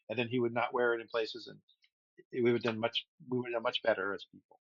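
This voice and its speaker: A man's voice: medium pitch, fast, no echo, highs cut off. A man co-hosting a podcast in casual political chat, with wry, sarcastic asides. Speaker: podcast co-host.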